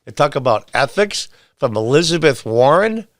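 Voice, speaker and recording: A man's voice: medium pitch, sing-song, normal speed, no room sound, clean studio sound. A man hosting an opinion commentary show, sarcastic, blunt and exasperated, reading quotes aloud and firing back at them. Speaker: podcast host.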